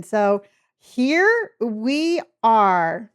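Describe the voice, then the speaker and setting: High-voiced bubbly woman streamer. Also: unhurried. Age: middle-aged. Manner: bubbly, chatty, thanks viewers with bursts of excitement. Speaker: live streamer. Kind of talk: casual live-stream chat with viewers.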